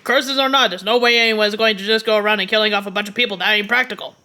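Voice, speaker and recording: A woman voicing a stubborn, hot-tempered old island man with a gruff folksy drawl while reading game dialogue aloud. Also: mid-range voice, fairly even intonation, quick pace, bright, forceful tone, lightly acted.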